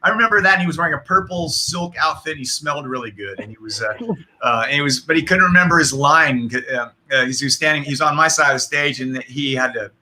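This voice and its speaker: A man's voice: a little high, fast talker, pushed and bright. A middle-aged man, a guest musician, telling stories in a casual, rambling interview over a video call. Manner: rambling, with restarts and laughter.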